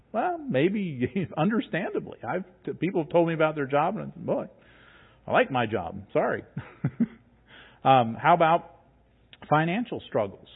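A man's voice: a little high, husky. A man preaching a sermon to his congregation in a conversational, emphatic way, reading scripture aloud and pressing his points home. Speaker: pastor. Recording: tinny phone-like sound.

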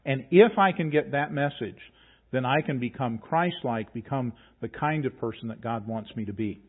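A man's voice: medium pitch, moderate pace, slightly rough. A man preaching a sermon to his congregation in a conversational, emphatic way, reading scripture aloud and pressing his points home. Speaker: pastor. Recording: tinny phone-like sound.

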